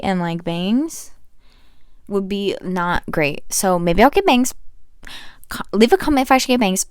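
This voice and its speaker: A young woman hosting a casual reading wrap-up vlog, her voice smooth and clear at a middling pitch. She talks in a chatty, animated way, tossing in slang and playful asides to her viewers. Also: no room sound. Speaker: book vlogger.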